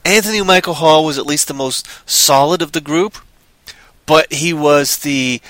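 High-pitched, ranting man reviewing movies. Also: moderate pace, no echo. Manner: animated, ranting, sarcastic. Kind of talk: casual podcast chat.

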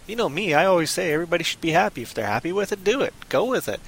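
Animated, jokey male podcast host. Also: sits high, rapid-fire, few pauses, a little hiss or hum. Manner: rambling, jokey, excitable. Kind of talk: casual chat.

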